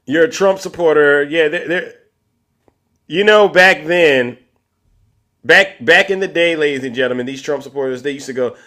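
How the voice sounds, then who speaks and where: A man's voice: fairly high pitch, normal speed, bright, forceful tone. A man hosting a live stream, arguing with callers and talking to his chat audience. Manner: combative, addresses chat and audience. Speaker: livestream host.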